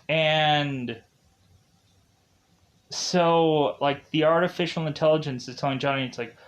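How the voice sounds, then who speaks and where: A man's voice: on the high side, a little slow, long pauses. A man giving a casual, rambling film recap with frequent filler words, often laughing as he talks. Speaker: film reviewer.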